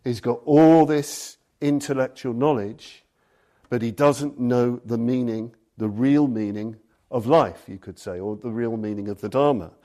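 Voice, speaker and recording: Slow, storytelling Buddhist teacher, male. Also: mid-range voice, mellow. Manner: storytelling, reads passages aloud. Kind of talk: dharma talk.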